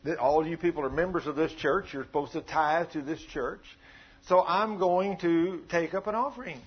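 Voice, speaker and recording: A man's voice: fairly high pitch, moderate pace, husky, highs cut off. A man preaching a folksy, humorous sermon full of stories and drawled asides.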